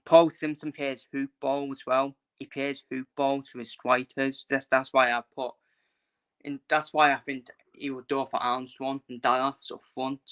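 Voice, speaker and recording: A man's voice: mid-range voice, little pitch movement, measured pace, a bit bright, clean tone. A young man ranting casually in his own vlog, frustrated and blunt, repeating himself and swearing. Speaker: football fan vlogger. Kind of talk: casual opinion rant.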